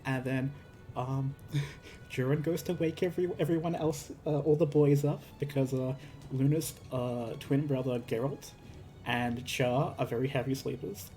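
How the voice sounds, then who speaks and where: A man's voice: mid-range voice, steady tone, measured pace, warm tone, faint music behind. A man casually recounting a tabletop game session, rambling with lots of fillers and restarts. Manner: rambling, filler-heavy, acts out characters. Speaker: streamer telling a tabletop game story. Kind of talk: casual storytelling.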